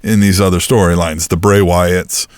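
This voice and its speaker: A man's voice: sits low, normal speed, clear, resonant tone, dry recording. A man co-hosting a podcast, casually retelling wrestling storylines with lots of swearing and acted-out back-and-forth. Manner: animated storytelling, acting out both sides of a feud, frequent swearing. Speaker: podcast co-host. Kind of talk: casual chat.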